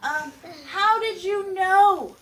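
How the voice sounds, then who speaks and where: With an extremely high, slightly bright voice and a slow pace, a peace educator leads an exuberant, exclamatory lesson for children at an outdoor class, calling the kids her people. A distant mic picks her up along with background noise.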